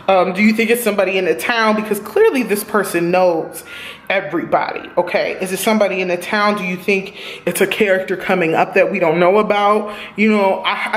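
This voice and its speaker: A woman reviewing a TV episode in a casual vlog, animated and profane, talking straight to her viewers. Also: medium pitch.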